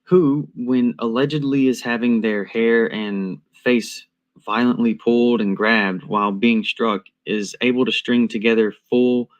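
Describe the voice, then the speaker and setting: A man reading a scripted commentary in a measured, deliberate and analytical way. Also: mid-range voice, fairly even intonation, lo-fi sound.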